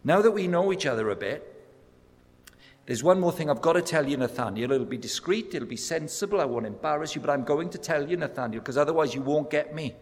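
A man preaching a sermon, telling stories with acted-out voices and building to loud, emphatic peaks. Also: fairly high pitch, expressive, brisk. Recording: echoey hall sound.

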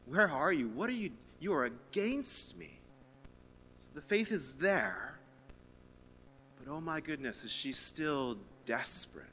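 A man preaching a sermon to his church in a conversational, animated way, reading scripture aloud and telling stories on himself. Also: on the high side, a little hiss or hum. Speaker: pastor. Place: church hall. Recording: reverberant church hall.

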